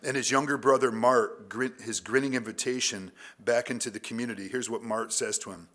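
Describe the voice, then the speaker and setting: A man who is a literature professor, reading his conference paper aloud at a measured academic pace and adding a few casual asides. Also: medium pitch, fairly even intonation, fairly bright tone.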